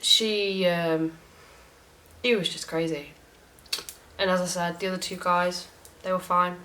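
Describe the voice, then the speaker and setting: Young woman ranting, low voice. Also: unhurried, low-quality recording. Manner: frank, swears often, animated retelling. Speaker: vlogger. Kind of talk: casual storytime rant.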